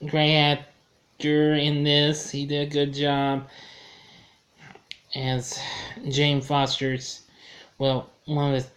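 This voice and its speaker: A man's voice: a little high, monotone, drawn-out words, pauses often, fairly bright tone. A man giving a casual film review, rambling and correcting himself as he goes. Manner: rambling, self-correcting, chuckles at his own slips.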